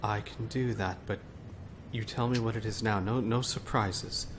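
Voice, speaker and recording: A man voicing a nervous, wary male dock worker who speaks quietly and haltingly. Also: medium pitch, steady tone, noisy background, lightly acted.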